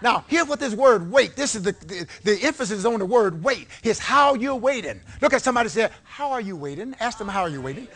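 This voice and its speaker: A man preaching a sermon in a church, leading call-and-response and swinging from low talk to shouted peaks. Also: lively intonation, fairly quick, few pauses, breathy edge. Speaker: pastor. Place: church sanctuary before a congregation. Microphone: live-streamed service mic.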